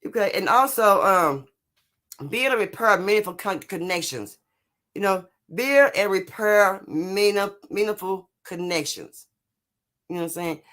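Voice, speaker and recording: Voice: medium pitch, a little slow, fairly bright tone. A live stream host giving a casual motivational talk, rambling and repeating themselves, constantly checking in with "you know what I'm saying" and answering viewer comments. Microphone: streaming setup.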